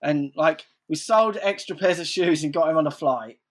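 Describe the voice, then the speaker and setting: A man's voice: a little high, normal speed. A man telling stories in casual chat, rambling, swearing freely and saying "like" constantly.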